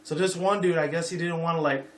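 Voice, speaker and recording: A Las Vegas YouTuber in his twenties rants on his vlog at a fast clip, rambling and profane, leaning on "you know" over and over. His voice is a little high and a bit bright, with fairly even intonation, and the room is echoey.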